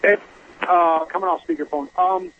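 High, husky male radio caller. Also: animated, dry recording. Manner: rambling, halting, acts out voices in his story. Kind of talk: storytelling on a radio call-in. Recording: muffled phone line on radio.

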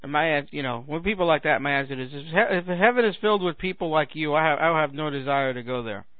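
Sarcastic talk host, man, high voice, phone-thin dry audio. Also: animated, fast, no echo, narrow, tinny audio. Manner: sarcastic ranting with mocking put-on voices. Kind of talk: comedic monologue.

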